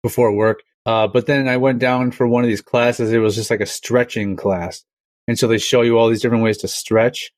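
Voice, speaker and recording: A man's voice: medium pitch, level tone, moderate pace, dry recording. A man co-hosting a casual podcast, speaking hesitantly with many ums and restarts and chuckling often. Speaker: podcast co-host.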